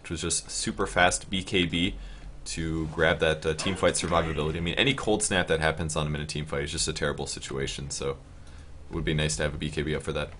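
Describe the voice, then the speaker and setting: A man casting a video game match, calling the plays quickly and getting louder on big moments. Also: very deep voice, a little hiss or hum. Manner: fast, rising to excited shouts on big plays. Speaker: esports caster. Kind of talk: play-by-play game commentary.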